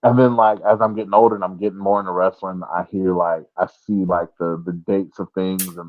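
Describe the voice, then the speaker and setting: A wrestler appears as a guest on a casual podcast, talking fairly quickly with hardly any pauses. He tells an energetic story, acting out people's quotes in a high voice and laughing often. The audio is dry and phone-like with no room sound.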